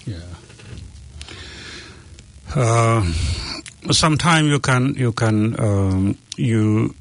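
A man talking in a measured, explanatory way with hesitant fillers, who brightens to act out quoted voices in his story. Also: mid-range voice, dry recording. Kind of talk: conversational interview.

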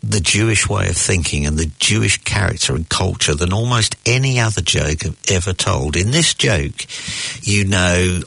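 Deep husky guy chatting about comedy, slow and gravelly. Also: expressive, fairly bright tone, no echo. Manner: slow, deliberate joke telling with voiced characters. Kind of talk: casual debate about comedy.

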